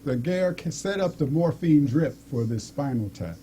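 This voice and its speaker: Lively middle-aged man telling a story. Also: a little high, normal speed, slight background noise. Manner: animated, acts out the people in his story and laughs often. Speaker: guest telling a personal story. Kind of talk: casual storytelling.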